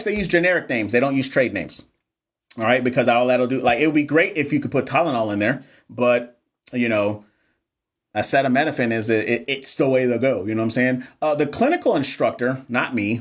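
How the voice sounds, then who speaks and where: Male nursing coach, lively live-stream teaching with chat shout-outs. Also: mid-range voice. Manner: animated, chatty, talks to live chat by name. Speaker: NCLEX review coach. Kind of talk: live-stream exam review.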